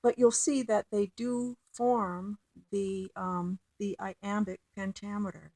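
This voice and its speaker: Woman teaching a poem, talks slow, lots of um and restarts, dry close mic. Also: mid-range voice, flat delivery, gravelly, warm tone, no echo. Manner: slow, halting, with many fillers and restarts. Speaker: literature teacher. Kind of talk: recorded lecture with poem reading.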